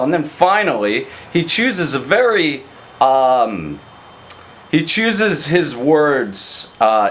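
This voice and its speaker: A man giving a rehearsal dinner toast, halting with many fillers and restarts. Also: medium pitch, a bit bright, slight background noise.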